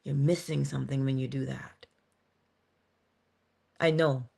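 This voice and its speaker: A woman's voice: rumbling low, fairly even intonation, measured pace, gravelly, mellow, husky. A woman giving an earnest but casual inspirational monologue as a motivational speaker, talking conversationally with sudden emphasis.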